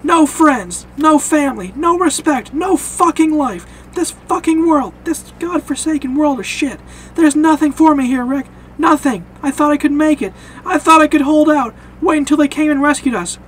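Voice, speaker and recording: A man voicing a desperate, grief-stricken armed man who pleads and shouts in a cracking voice. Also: extremely high pitch, a little fast, a little hiss or hum, voice pushed up. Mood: despairing.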